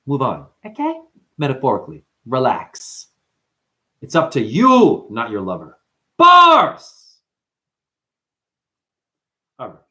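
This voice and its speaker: A man talks to his livestream chat about spirit and light, his voice swinging widely up and down as he goes. He calls listeners honey and breaks into chanted mantras. His pitch sits at a middling level for a man. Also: huge pitch swings, moderate pace, a bit bright.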